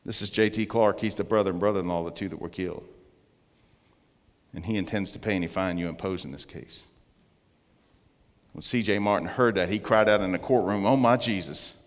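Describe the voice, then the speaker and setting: A man giving an earnest testimony as a guest speaker in church, slowing down to stress his points. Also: deep voice. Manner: earnest storytelling, slowing for emphasis. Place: church sanctuary. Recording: long church reverb.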